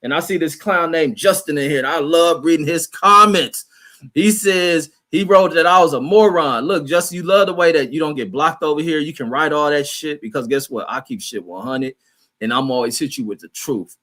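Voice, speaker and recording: A man's voice: on the high side, moderate pace, bright, forceful tone. A man hosting a livestream, ranting in a profane, combative and mocking way while he reads out and answers chat comments. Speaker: livestream host reading chat. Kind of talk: heated livestream rant.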